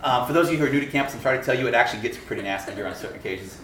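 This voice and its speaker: A man's voice: medium pitch, racing, roomy sound, slight background noise. A man preaching as a campus pastor, telling a story and acting out both sides of the dialogue with laughs. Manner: animated, acts out dialogue with laughs. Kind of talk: sermon storytelling. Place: lecture room.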